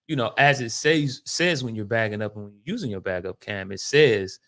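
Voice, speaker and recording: A man co-hosting a podcast in casual chat, telling stories with animation and laughing often. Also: fairly quick. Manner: animated storytelling, rising high when worked up, laughs often. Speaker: podcast co-host.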